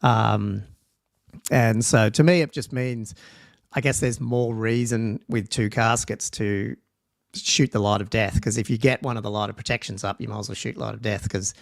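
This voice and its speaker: A man's voice: on the low side, fairly even intonation, normal speed, creaky, no room sound, studio quality. A man hosting a livestream podcast, reading out rules and thinking aloud in a loose, casual way with ums and restarts. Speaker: podcast host.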